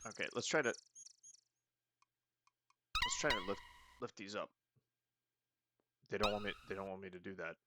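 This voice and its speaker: A man's voice: fairly low pitch, animated, moderate pace, pauses often, heavy background noise. A man hosting a let's play, thinking aloud in casual commentary and reading the game's text as he goes. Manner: rambling, thinking aloud with restarts. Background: game music.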